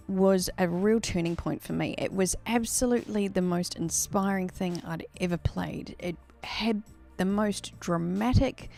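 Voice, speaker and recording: A woman's voice: medium pitch, mellow. A woman, a live-stream host, telling a childhood story in a chatty, candid way and laughing at herself. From Australia.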